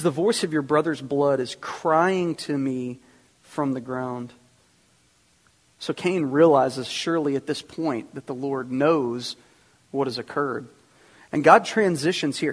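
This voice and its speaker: A man's voice: a little high, fairly bright tone, slightly rough. A man preaching a sermon, teaching earnestly and speaking directly to the congregation. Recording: long reverb of a hall.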